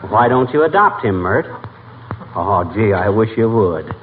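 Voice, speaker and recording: An actor playing a boastful, bumbling, excitable husband in 1940s radio comedy acting. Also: male voice, lowish voice. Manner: bragging, excitable, quick jokes. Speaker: blustering husband in a sitcom. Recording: tinny hissy old broadcast, audience laughter.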